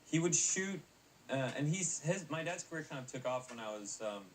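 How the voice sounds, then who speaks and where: A man's voice: fairly high pitch, expressive, moderate pace. Young man, actor guest, rambling chat, heard from a distance, faint hiss. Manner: rambling with many fillers and restarts. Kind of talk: casual interview chat. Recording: distant mic with faint noise.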